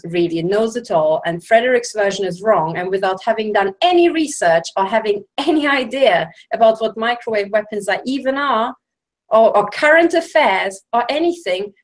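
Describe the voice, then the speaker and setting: Sarcastic woman guest with a middle-pitched voice who talks at length and with emphasis. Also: rough recording. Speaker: guest speaker.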